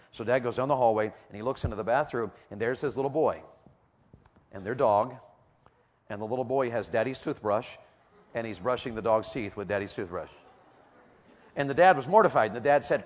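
A middle-aged man with a medium-pitched voice preaches a little fast in a church auditorium, and the large hall is audible. He pulls the congregation in with rhetorical questions and call-and-response.

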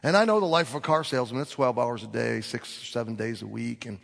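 Man in a pulpit, husky gravel in the voice, telling a story with lots of acted dialogue, long hall echo. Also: mid-range voice, fast talker. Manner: animated storyteller acting out dialogue. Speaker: pastor. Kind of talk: sermon storytelling. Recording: long reverb of a large hall.

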